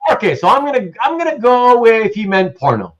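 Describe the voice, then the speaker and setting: A man's voice: very high-pitched, very animated, a little fast. A man hosting a casual livestream, chatting and reading viewers' messages aloud with frequent laughs. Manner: chatty, laughs often, reads chat aloud. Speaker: livestream host. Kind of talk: casual live-stream chat. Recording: muffled lo-fi stream audio.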